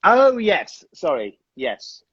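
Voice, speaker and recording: A man's voice: sits high, huge pitch swings, slow pace, fairly bright tone, slightly rough, dry recording. A man, an actor, chatting casually on a phone livestream, rambling and hesitant as he answers fan questions. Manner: rambling, hesitant, self-interrupting. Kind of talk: casual live-stream chat. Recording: dull lo-fi phone audio.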